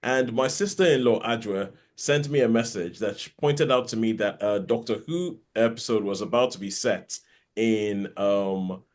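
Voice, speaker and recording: A man's voice: on the low side, moderate pace. A man co-hosting a podcast, chatting casually and rambling with frequent restarts. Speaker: podcast co-host. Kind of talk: casual chat.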